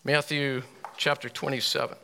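A man preaching a sermon to a room of listeners, reading scripture with rising emphasis, asking pointed questions, and often clearing his throat. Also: medium pitch, little pitch movement, moderate pace, pushed and bright, a little hiss or hum. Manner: asks the audience pointed questions. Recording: long hall reverb.

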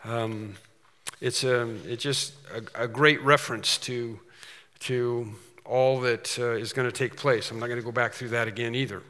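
A man preaching a sermon in a conversational way, often restarting his sentences and slowing down to read scripture with weight. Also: medium pitch, steady tone, pushed and bright. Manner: conversational, with repeated restarts and dramatic slowed scripture reading. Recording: long hall reverb.

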